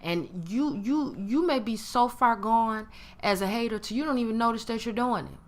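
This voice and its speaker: A woman's voice: on the high side, moderate pace. A woman giving a motivational talk to camera, emphatic and given to acting out other people's tones. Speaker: motivational speaker.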